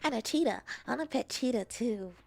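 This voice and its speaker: A woman streamer in a casual, rambling chat, playful and often dropping into soft whispers. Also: on the high side, expressive, brisk, creaky, faint music behind.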